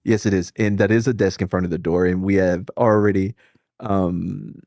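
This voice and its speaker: A man hosts a loose reaction chat, rambling and swearing freely with frequent laughter. His voice sits a little low with a mellow, warm tone. The sound is close and dry. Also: steady tone, moderate pace, creaky, no echo. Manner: rambling, profane, laughs a lot, restarts. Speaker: streamer host.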